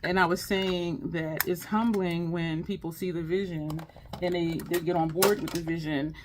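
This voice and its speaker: A woman's voice: lowish voice, steady tone, moderate pace, background noise. A woman hosting her makeup channel, chatting casually and upbeat while doing her look, speaking straight to her viewers in an affirming way. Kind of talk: casual makeup tutorial chat.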